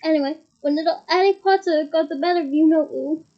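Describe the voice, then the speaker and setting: A gossipy young bus conductor with a lilt, as a woman reader puts him on, relishing every grim detail of his story in a very high, bright voice. The sound is muffled and lo-fi. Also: fast. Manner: gossipy, relishing a dramatic tale. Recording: muffled lo-fi recording.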